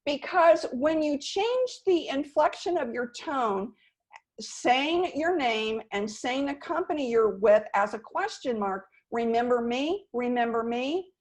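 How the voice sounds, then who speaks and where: Woman sales coach, host, lively conversational delivery, slightly higher pitch. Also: slow pace. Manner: lively, demonstrates phone intonation. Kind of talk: conversational interview.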